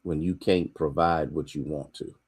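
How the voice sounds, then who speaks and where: Deep-voiced American pastor, chatty and folksy. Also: male voice, fairly even intonation, moderate pace, a little mellow, slightly rough. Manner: folksy and conversational, greeting viewers by name, yawning and apologizing. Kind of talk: livestreamed midweek sermon with greetings to online viewers.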